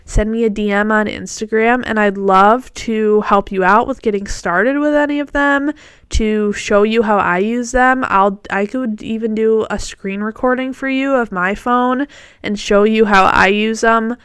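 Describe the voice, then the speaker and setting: Woman podcast host, casual, encouraging, morning voice, smooth clear tone, dry close mic. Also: a little high, a little slow, fairly bright tone, no room sound. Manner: chatty and encouraging, with fillers and self-corrections. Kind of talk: casual solo podcast talk.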